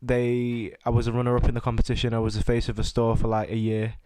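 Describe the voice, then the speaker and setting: A man in his twenties with a Manchester accent, a podcast guest who answers questions in a calm, matter-of-fact way. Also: mid-range voice, quick pace, slight background noise. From England. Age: 20s. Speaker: interview guest. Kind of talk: casual interview answers.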